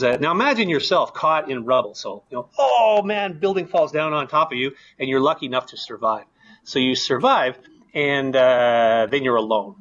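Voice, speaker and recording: Male researcher, plain mid pitch, relaxed and full of ums, slightly dull lo-fi audio from a lab. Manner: relaxed, with many fillers. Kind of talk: explaining his research in an interview.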